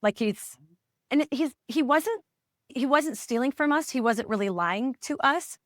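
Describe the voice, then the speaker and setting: A woman's voice: high voice, animated, measured pace, dry recording, clean studio sound. A woman in her forties, a parent coach, telling her family's story in an interview with earnest feeling and acting out the remembered dialogue. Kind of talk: candid personal storytelling in a podcast interview.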